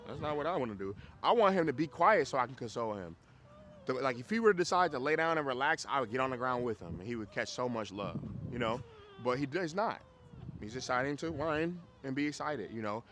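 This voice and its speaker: A man's voice: mid-range voice, expressive, a little fast, fairly bright tone. A man with a Chicago accent teaching a dog training group class, talking casually and bluntly, swearing and checking that people follow him.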